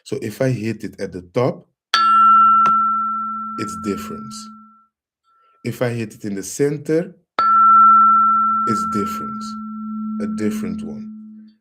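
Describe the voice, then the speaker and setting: Male live stream host, lowish voice, unhurried, calm and repetitive. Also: heavy background noise. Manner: slow, calm, repeats phrases, addresses viewers as family. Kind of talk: casual live stream demonstration.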